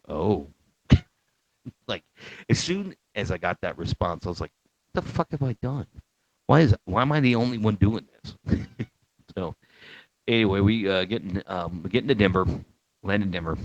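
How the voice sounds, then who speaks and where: A man's voice: deep voice, no echo. A man telling a story casually, rambling and cursing, with many fillers and restarts. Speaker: Marine veteran telling a story. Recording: dull, slightly lo-fi sound.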